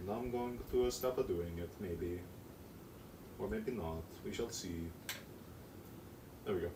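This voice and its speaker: A man's voice: fairly low pitch, a little slow, pauses often. Rambling teen guy streaming from an echoey kitchen. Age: teens. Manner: rambling, self-mocking, swears casually. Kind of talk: casual live-stream chat while baking. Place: home kitchen. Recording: echoey room, distant mic, noisy.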